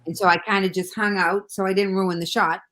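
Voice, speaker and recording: Fast-talking Boston woman telling stories. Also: medium pitch. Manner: fast, animated anecdote-telling with acted-out quotes. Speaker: guest comedian. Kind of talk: casual storytelling chat.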